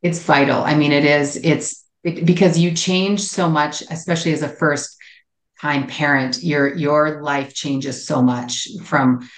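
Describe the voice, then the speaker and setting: A woman co-hosting a podcast as a relationship psychologist, telling an expressive personal story with many restarts. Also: sits low, unhurried, echoey room. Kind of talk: casual podcast chat.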